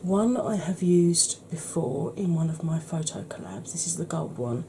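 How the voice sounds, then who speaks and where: Soft-spoken woman, slightly husky. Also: lowish voice, expressive, moderate pace, a little hiss or hum. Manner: chatty, explanatory, soft-spoken. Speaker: makeup tutorial host. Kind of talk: soft-spoken ASMR makeup tutorial.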